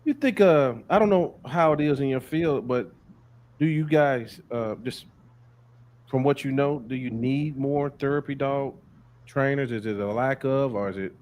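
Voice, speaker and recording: A man hosting a podcast, chatting casually in a relaxed, folksy way. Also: mid-range voice, normal speed, a little hiss or hum. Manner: relaxed, folksy, with frequent restarts. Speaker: podcast host.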